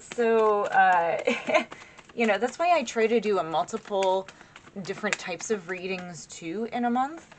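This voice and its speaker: Excitable chatty woman reading tarot. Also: mid-range voice, background noise. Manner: chatty and excitable, laughs often, gushes over cards; rambling with many fillers and asides to viewers. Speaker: tarot reader. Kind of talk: casual tarot reading to camera.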